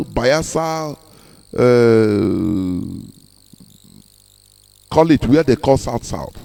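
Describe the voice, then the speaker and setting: Male speaker, emphatic, keeps asking rhetorical questions, slightly high-pitched. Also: warm tone. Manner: emphatic, repeats words and asks rhetorical questions. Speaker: speaker on a live broadcast. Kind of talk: impassioned speech.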